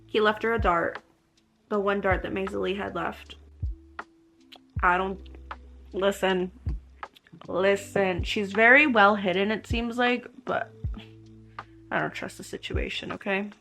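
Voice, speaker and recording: A woman's voice: medium pitch, fairly even intonation, slow pace, pauses often, pushed and bright, soft background music. A young woman vlogging about a book, reading passages aloud and reacting with strong emotion between them.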